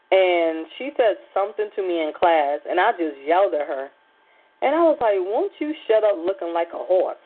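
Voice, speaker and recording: A woman hosting a radio talk show, telling a personal story in a rambling, chatty way with many fillers. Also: lowish voice. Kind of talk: casual chat. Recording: phone-like lo-fi radio line.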